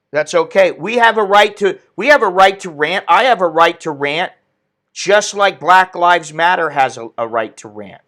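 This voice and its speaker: This political commentary host has a sharp-toned voice on the high side. On his opinionated stream, he launches into indignant rants and reads out comments from viewers.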